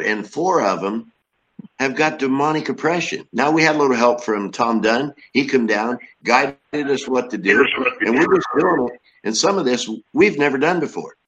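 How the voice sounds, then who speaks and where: A man speaks in a plainspoken, folksy way at an ordinary pitch, rambling as he goes. A faint noise sits under the recording. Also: a bit bright, dull audio. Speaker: lay minister. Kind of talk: casual chat.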